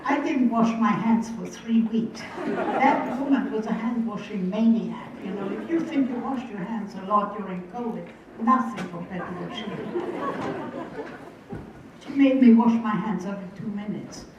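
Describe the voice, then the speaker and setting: A woman's voice: medium pitch, expressive, measured pace, crowd noise, background noise. An older woman from Hungary, a survivor giving a talk and telling her childhood story with wry, vivid quoting of voices. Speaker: Holocaust survivor speaker. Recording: distant, dull, very echoey hall.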